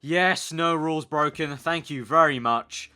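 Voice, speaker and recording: A young man from the United Kingdom commentating on his racing management gameplay, talking excitedly and pleading with the screen. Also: on the high side, measured pace, clear, resonant tone. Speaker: gaming YouTuber. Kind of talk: let's play commentary.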